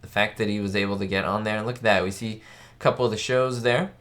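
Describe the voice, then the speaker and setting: A man's voice: lowish voice, fairly even intonation, fast talker, fairly bright tone. A man hosting a live stream, chatting enthusiastically in a casual way and reading out viewer questions.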